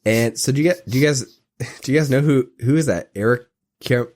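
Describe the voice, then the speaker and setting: A man's voice: medium pitch, brisk, darkish tone. A man co-hosting a podcast, giving a tip in a hesitant, chuckling way full of ums. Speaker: podcast co-host. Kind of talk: casual chat.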